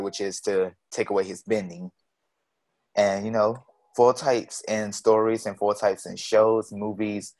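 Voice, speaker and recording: Low-voiced man explaining casually. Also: a little mellow. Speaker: podcast co-host. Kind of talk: casual podcast talk on writing.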